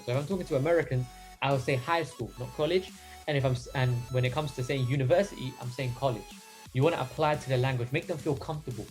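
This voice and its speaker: An energetic young man coaches a sales team in a casual, loose way, leaning on lots of fillers as he talks. His voice sits at a middle pitch, and faint music runs behind him. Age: young adult. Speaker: sales mentor. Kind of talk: casual training talk.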